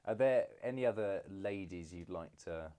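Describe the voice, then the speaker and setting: Very deep-voiced young man, hesitant chat. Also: normal speed, smooth. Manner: hesitant, many fillers and restarts, warm teasing. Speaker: podcast co-host, son. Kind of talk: casual conversation.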